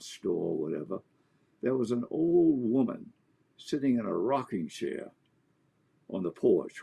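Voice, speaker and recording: Gravelly low-voiced man telling stories. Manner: animated, anecdotal. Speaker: author and guest. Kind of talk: storytelling in an interview.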